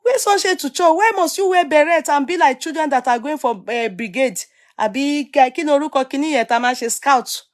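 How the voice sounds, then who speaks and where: A middle-aged Nigerian woman giving an opinionated casual rant, animated and scolding, switching between English and Yoruba. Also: sits high, a little fast. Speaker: vlogger.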